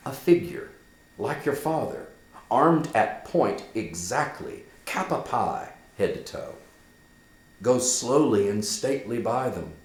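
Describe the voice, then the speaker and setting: A loyal, earnest young friend, read by a male teacher. He speaks in a halting, careful manner, a little higher than the reader's own low voice, and the pitch moves a lot. The recording sounds roomy. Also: a little mellow. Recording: echoey room.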